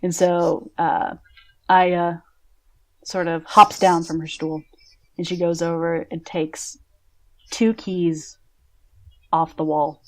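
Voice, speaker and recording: A woman's voice: fairly low pitch, level tone, slow pace, long pauses, darkish tone. A woman running a tabletop game as game master, narrating scenes in a casual, descriptive way with many fillers.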